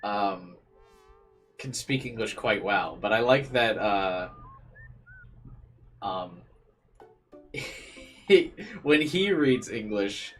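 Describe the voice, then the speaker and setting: Casual streamer, low-ish male voice, amused commentary over game audio. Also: expressive, drawn-out words, pauses often, fairly bright tone, a little hiss or hum. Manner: chatty, amused, reads game text aloud. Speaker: streamer reading a visual novel.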